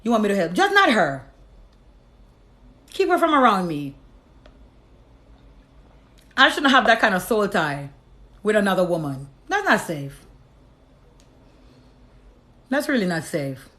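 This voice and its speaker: A woman with a bright, forceful voice speaks in a very animated way, a little slowly and with long pauses. She delivers a casual, emphatic, profane monologue telling her life testimony to an audience, acting out her conversations with God in lower tones.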